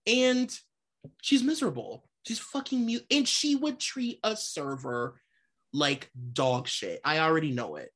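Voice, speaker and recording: A woman's voice: low-pitched, big pitch swings, unhurried, fairly bright tone. A woman in casual gossipy chat, emphatic and laughing often.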